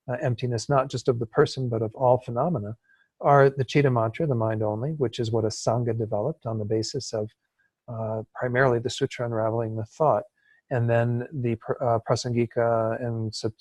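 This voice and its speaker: Relaxed man teaching an online class. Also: medium pitch, dry recording. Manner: relaxed, explanatory, with frequent fillers and laughs. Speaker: Buddhist study teacher. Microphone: video call.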